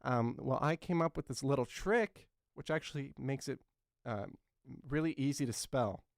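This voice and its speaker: A man's voice: medium pitch, normal speed, no room sound, studio quality, natural voice. A man in his twenties playing an earnest, clueless talk show host who rambles and fills his talk with ums and uhs. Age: 20s. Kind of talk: satirical talk show comedy.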